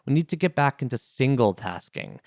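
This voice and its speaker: A man's voice: medium pitch, very animated, fairly quick, vocal fry, a little mellow, dry recording, studio quality. A man hosting a podcast, reading listener mail and musing on a word in a playful, enthusiastic way. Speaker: podcast host. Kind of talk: solo podcast segment, reading a letter and explaining a word.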